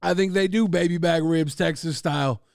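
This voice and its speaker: Male streamer, high voice, excitable and profane, casual reaction chat, dry close mic. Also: moderate pace, vocal fry, no echo. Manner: excitable, profane, laughing at his own jokes. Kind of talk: casual livestream commentary.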